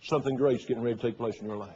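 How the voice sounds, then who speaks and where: The sermon comes through a dull lo-fi recording with slight background noise. A male pastor with a steady, mid-range voice races through stories, loudly performing the voices of those he quotes.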